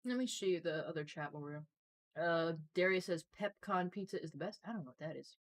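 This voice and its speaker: A woman hosting a casual stream, chatting quickly and reading out viewer messages. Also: lowish voice. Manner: quick, bubbly, reads chat messages aloud. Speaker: streamer and host. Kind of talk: casual chat while reading live chat.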